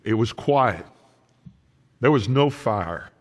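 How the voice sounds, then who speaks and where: A male pastor preaching a sermon in a church, animated and folksy, with frequent asides to the congregation. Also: medium pitch, takes it slowly, long reverb tail. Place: church sanctuary.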